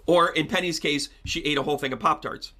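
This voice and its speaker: A man giving a live tarot reading, talking with viewers in a chatty, animated, joking way. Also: a little high, normal speed. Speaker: psychic medium and tarot reader.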